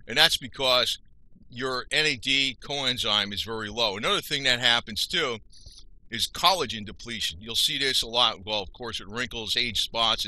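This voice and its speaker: A man's voice: mid-range voice, sharp tone, low-quality recording. A man giving an unscripted health talk, rambling with frequent restarts and self-corrections.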